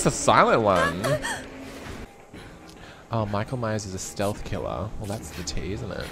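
An unhurried, expressive young man with a lowish voice streams a game and pauses often as he comments. He's sassy and camp, curses freely, and dissolves into shrieks and laughter.

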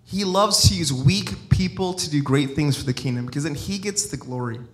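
Middle-aged guy preaching in church, kinda high voice, rambly storytelling, lots of restarts. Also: normal speed. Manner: free-flowing, personal storytelling with many restarts. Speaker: evangelist-missionary. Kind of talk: sermon.

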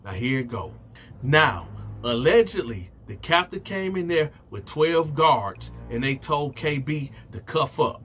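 A man telling a story in a casual vlog, animated and slangy, talking straight to his viewers. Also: mid-range voice, a little slow, faint music behind.

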